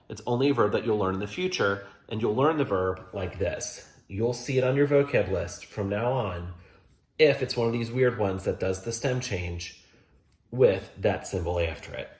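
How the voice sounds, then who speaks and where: A man with a fairly low voice walks students through a grammar point at a whiteboard. He is patient and methodical and leans hard on key words. The sound is roomy, with classroom echo around him. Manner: patient, explains step by step with emphatic stress. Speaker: German teacher. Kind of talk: classroom lesson explanation.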